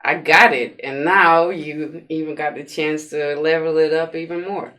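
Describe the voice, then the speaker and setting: A woman's voice: sits low, steady tone, normal speed, a bit bright. A woman host interviewing a guest, prompting him with short encouraging questions. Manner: encouraging, brief backchannels and laughs. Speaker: podcast host.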